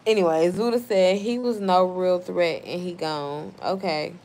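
A woman's voice: fairly low pitch, unhurried, darkish tone. A tipsy young woman hosting a livestream, reading chat messages aloud and snapping back at chatters in a brash, profane way. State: tipsy from wine.

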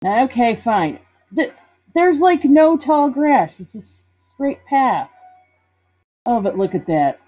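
Playful woman streamer, slightly breathy, muffled stream audio over game music. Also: on the high side, sing-song, slow. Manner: playful, reads game text aloud and jokes. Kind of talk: casual let's-play commentary.

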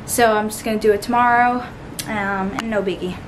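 A woman's voice: mid-range voice, steady tone, brisk, background noise. A young woman in her twenties chatting casually to camera as a lifestyle vlogger, bubbly and full of fillers. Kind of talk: casual vlog chat to camera.

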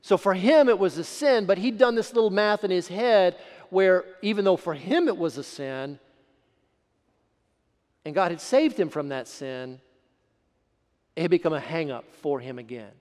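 A middle-aged pastor preaches in a fairly high voice, and long hall reverb trails each line. He tells his story with animation, acting out the voices of others and moving from loud bursts to near-whispers. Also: lively intonation, moderate pace, pauses often. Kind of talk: sermon storytelling. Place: church sanctuary.

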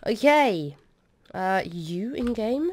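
A young woman playing a game and commenting, excitable and swearing as she shouts orders at her troops. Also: medium pitch, slow. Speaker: gaming streamer. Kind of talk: let's play commentary.

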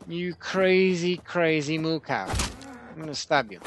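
Animated, excitable gamer man. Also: a little high, unhurried, slight background noise. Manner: chatty, excitable outbursts and swearing. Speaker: let's play gamer. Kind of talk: casual gameplay commentary.

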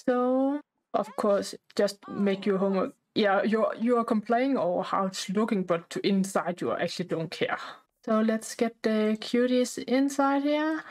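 A woman's voice: medium pitch, a little mellow, poor audio. Breathless woman chatting through gameplay. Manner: halting, chatty, full of fillers and restarts. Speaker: gameplay narrator. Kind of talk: casual life-sim gameplay commentary.

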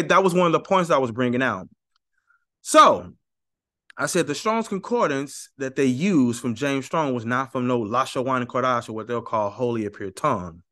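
Emphatic man, lively sarcastic commentary. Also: medium pitch. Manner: emphatic, repeats points, addresses viewers directly. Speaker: religious commentary host. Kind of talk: heated talk-to-camera commentary.

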